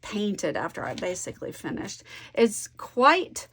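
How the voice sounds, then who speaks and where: A woman talking casually to her viewers while she crafts, her mid-pitched voice carrying a gravelly, creaky texture. She rambles through stories in an easygoing, conversational way, slipping into soft asides to herself. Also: big pitch swings, unhurried. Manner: chatty, warm storytelling with soft asides. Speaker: scrapbooking vlogger.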